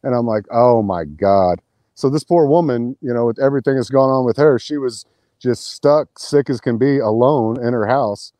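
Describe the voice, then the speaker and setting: A man's voice: mid-range voice, moderate pace, no room sound. A man talking casually as a podcast guest, telling a rambling story full of restarts and swearing. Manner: rambling, restarts, profane, animated retelling.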